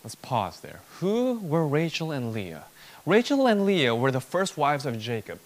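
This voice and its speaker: Lively, emphatic male preacher. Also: fairly high pitch, a little slow. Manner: emphatic, repetitive rhetorical build-ups. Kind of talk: expository sermon.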